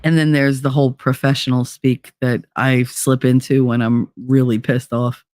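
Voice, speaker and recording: This livestream host has a very deep voice with flat delivery, a moderate pace and a slightly mellow tone, recorded with no echo. Blunt and foul-mouthed, she laughs through her stories to the chat and drops into fake accents and voices.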